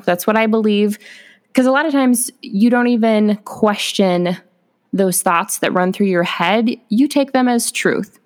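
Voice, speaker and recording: A woman hosting a motivational podcast, talking directly to realtors in an upbeat, encouraging way. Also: mid-range voice. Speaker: podcast host, realtor coach.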